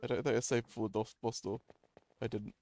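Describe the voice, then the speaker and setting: A man's voice: mid-range voice, fairly even intonation, fairly quick, over music. A British man chatting casually while he streams a game, making dry, teasing jokes. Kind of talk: casual chat while gaming.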